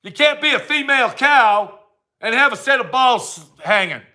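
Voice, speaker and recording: A man's voice: very high-pitched, expressive, moderate pace, sharp tone. A man delivering a heated, blunt ranting monologue to camera, repeating his points for emphasis. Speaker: vlogger.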